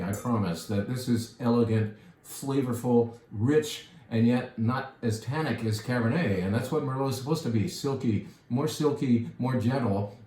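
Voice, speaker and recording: A man's voice: mid-range voice, darkish tone. A man, a wine shop steward, tasting and describing wines in a casual, enthusiastic way, savoring each sip with murmurs. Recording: echoey room.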